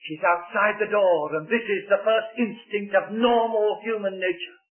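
A man's voice: sits high, normal speed. A man preaching a sermon, telling a Bible story vividly with playful asides. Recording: tinny phone-like old sermon tape.

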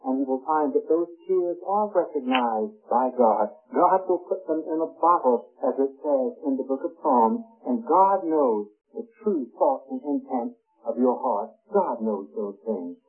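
A man's voice: medium pitch, lively intonation, unhurried, slightly rough. A man preaching a sermon, earnest and emphatic, rising hard on his key words. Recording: tinny lo-fi radio broadcast with faint music.

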